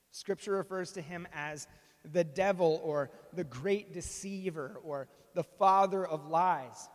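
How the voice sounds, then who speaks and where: A man in his thirties delivers a sermon in a high, bright voice. He speaks with dramatic pauses and acts out the voices in his stories. Long reverb from a large hall rings behind him. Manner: animated storytelling with dramatic pauses. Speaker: pastor.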